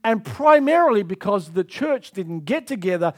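A man's voice: sits high, very animated, normal speed, a little mellow. A man preaching a sermon with emphatic, repetitive delivery.

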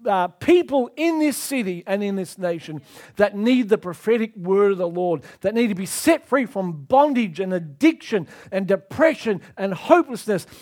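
High-voiced man preaching emphatically. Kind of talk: sermon.

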